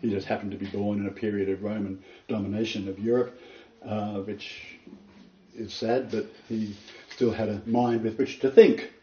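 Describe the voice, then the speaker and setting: An older man giving an informal sermon lecture, earnest and emphatic, his pitch leaping on stressed words between rambling asides. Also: little pitch movement, normal speed, dark tone, slight background noise. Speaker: preacher giving a Bible lecture. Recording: roomy, distant, dull lo-fi.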